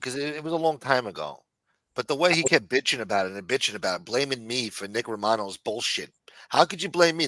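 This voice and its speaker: A male livestream host talking in a blunt, exasperated, profane way. His voice sits at an ordinary middle pitch. The sound is dry and close, with little room around it. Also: bright, forceful tone, no room sound, low-quality recording. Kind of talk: casual livestream chat.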